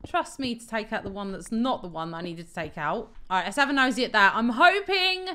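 A woman's voice: a little high, expressive, fairly quick, sharp tone. A young woman chatting through her gameplay in a bubbly, gushing way, often giggling as she talks. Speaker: Minecraft let's player. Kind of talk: casual gameplay commentary.

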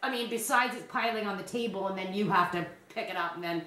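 A Canadian woman hosts a crochet video, chatting casually, rambling and laughing often. Her mid-range voice is fairly bright and quick-paced, picked up by a distant mic in a roomy space.

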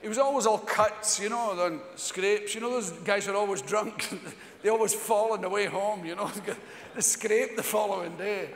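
A man's voice: high-pitched, moderate pace. A man with a Glaswegian Scottish accent telling profane stand-up stories and putting on his friends' voices, with audience laughter behind. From Scotland. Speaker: stand-up comedian. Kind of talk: stand-up storytelling. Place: large theatre on stage. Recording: echoey live theatre recording.

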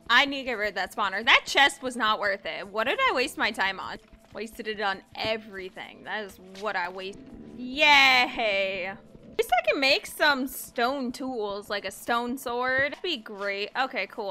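A woman's voice: fairly high pitch, pushed and bright. A young woman hosting a casual game commentary, chatting to viewers, swearing freely and breaking into shrieks and laughter. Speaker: gaming host.

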